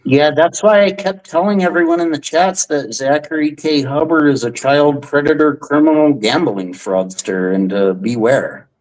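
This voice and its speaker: A man's voice: on the high side, normal speed, few pauses, darkish tone, low-quality recording. A man hosting a livestream, ranting in a heated, profane and rambling way. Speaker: livestream host.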